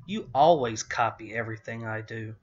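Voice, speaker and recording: A man's voice: medium pitch, animated, measured pace, fairly bright tone, lo-fi sound. A man voicing a possessive young twin girl in a storybook reading, whining and protesting.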